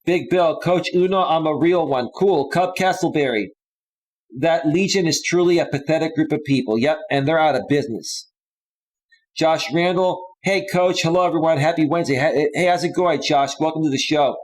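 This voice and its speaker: A man hosts a live stream, chatting casually while reading viewer comments and donations aloud. He's laid-back, often saying "bro" and "man," and speaks at a moderate pace in a slightly high voice.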